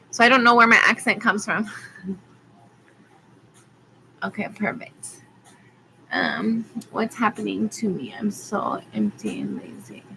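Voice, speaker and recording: Chatty woman with a bright voice. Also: mid-range voice, slight background noise, poor audio. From Arizona, USA. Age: adult with school-age kids. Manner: chatty and rambling, frequent ums. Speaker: tarot reader. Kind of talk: live-stream tarot reading.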